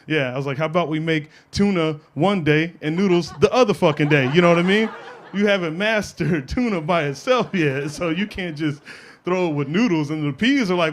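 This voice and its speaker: A brash young man tears through a profane stand-up routine, teasing the crowd between punchlines. His voice sits a little high for a man. Faint background noise runs under the stage mic. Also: a little fast. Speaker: stand-up comedian. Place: comedy stage with a live audience laughing.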